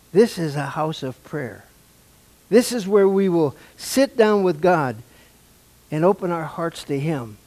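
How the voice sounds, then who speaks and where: A gravelly, darkish voice on the high side belongs to an older pastor giving a sermon in his church's sanctuary. He addresses the congregation conversationally, asking them questions.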